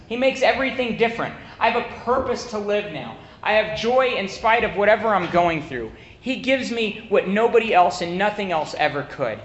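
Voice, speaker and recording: A man preaching a sermon, energetic and often asking his listeners "right?". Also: sits high. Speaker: campus minister preaching. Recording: echoey room, slightly dull sound.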